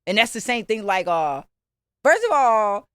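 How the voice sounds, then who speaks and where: A young woman co-hosting a podcast, telling crude jokes in casual, animated chat. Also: medium pitch, a little slow, clear, resonant tone, dry recording, clean studio sound. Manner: crude, joking, animated storytelling. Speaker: podcast co-host.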